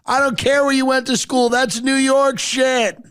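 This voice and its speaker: A man voicing a cruel, ranting male mayoral candidate, giving drawn-out, shouted speech lines in a mock-rousing way. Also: very high-pitched, little pitch movement, a little hiss or hum, pitched above the performer's own voice. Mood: vicious.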